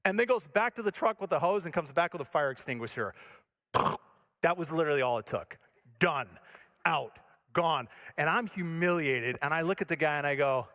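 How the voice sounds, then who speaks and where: A male pastor with a fairly high voice, preaching as he tells a lively, self-mocking story. He acts out the scenes, with his voice swinging up and down as he goes. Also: moderate pace. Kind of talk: sermon with a comic personal story.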